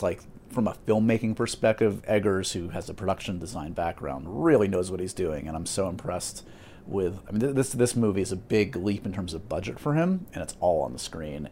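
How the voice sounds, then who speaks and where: A man's voice: low-pitched, darkish tone, slight background noise. A man hosting a podcast in casual chat, talkative and self-deprecating, with many fillers and restarts. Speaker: podcast host.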